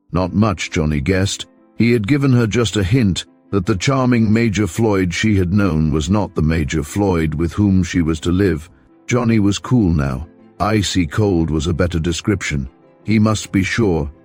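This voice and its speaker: Deep-voiced male audiobook narrator. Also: a little mellow.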